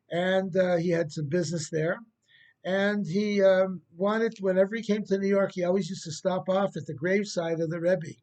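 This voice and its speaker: Brief: rabbi narrating a parable, gentle and unhurried, notably high voice. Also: male voice. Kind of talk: storytelling sermon.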